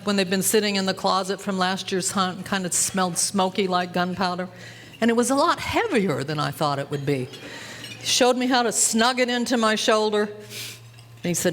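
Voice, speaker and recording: A woman's voice: mid-range voice, a little hiss or hum. A woman in her seventies from Utah, telling folksy stories in a keynote speech. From Utah, USA. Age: 70s. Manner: folksy, animated storytelling. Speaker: keynote speaker. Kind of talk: storytelling speech. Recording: live hall with faint clatter.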